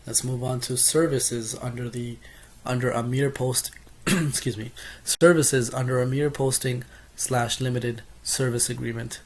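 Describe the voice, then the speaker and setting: A man's voice: mid-range voice, steady tone, unhurried. A young man reading through course notes as a casual spoken summary, reading lists steadily with small self-corrections and asides.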